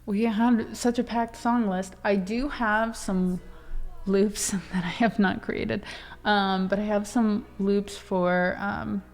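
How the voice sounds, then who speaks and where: A woman's voice: medium pitch, steady tone, slow pace. A young woman hosting a casual livestream, chatting with viewers in a chatty, emotional way and thanking them often. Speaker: livestream host.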